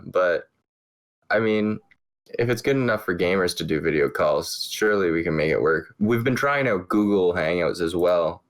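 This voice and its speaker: A man from Canada with a fairly low voice, hosting a relaxed podcast conversation. He jokes around and laughs a lot as he talks. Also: a little fast. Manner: joking, laughs often. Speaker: podcast host. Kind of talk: casual chat.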